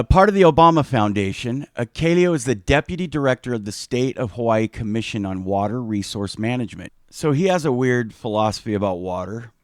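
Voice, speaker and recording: A man's voice: mid-range voice, darkish tone, no echo, clean studio sound. A man giving heated commentary on a video, emphatic and agitated, repeating his points.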